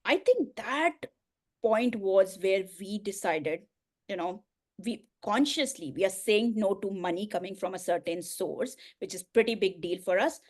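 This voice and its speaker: A middle-aged woman, a coach and speaker, telling a personal story in an interview, earnest and emotional with soft laughs. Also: mid-range voice, lively intonation, a little slow.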